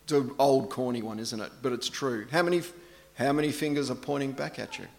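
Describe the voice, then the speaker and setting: A middle-aged man preaching a sermon in a relaxed, anecdotal way, poking fun at himself. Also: mid-range voice, a little fast, vocal fry. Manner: conversational, anecdotal, self-deprecating.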